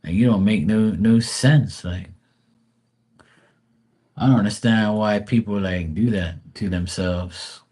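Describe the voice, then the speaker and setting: A man in his forties with a lowish voice, talking loosely and profanely as he reads tarot live. He rambles from story to story, relaxed and unpolished. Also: slow, long pauses, breathy edge. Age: 40s. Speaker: live stream tarot reader. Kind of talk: casual live-stream chat.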